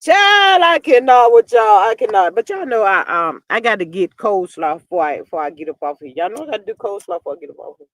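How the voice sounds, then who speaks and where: A man with a strikingly high voice hosts a live gossip stream, reacting to chat with sassy, animated commentary and frequent asides to his viewers. His voice sits close and dry, with no room sound around it. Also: fast talker, hardly any pauses, dry recording. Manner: sassy and animated, often calling listeners "child". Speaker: channel host reading live chat. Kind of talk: casual gossip commentary on a reality show.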